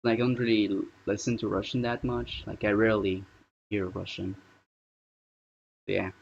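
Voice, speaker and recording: Male streamer, low voice, casual aimless chatter, thinks out loud; muffled home-stream sound. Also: little pitch movement, normal speed, creaky, husky. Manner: rambling, thinking aloud while working. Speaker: live streamer. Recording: dull lo-fi stream audio.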